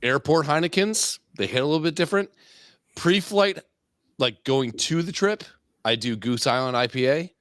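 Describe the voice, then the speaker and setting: A man's voice: fairly high pitch, expressive, normal speed, fairly bright tone, no echo, clean studio sound. A man co-hosting a casual live podcast, telling crude stories in a rambling way with laughs. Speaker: podcast co-host. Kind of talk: casual chat.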